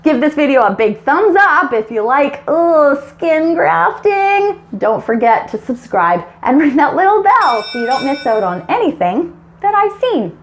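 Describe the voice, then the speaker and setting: A young adult woman talking casually as a film reviewer on her vlog, chatty and expressive, with animated grossed-out reactions. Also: high-pitched, moderate pace.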